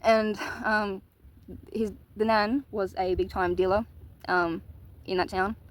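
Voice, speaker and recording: A woman's voice: medium pitch, fairly even intonation, slow pace, poor audio. A woman telling a personal story in a casual, candid monologue, swearing casually. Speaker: vlogger.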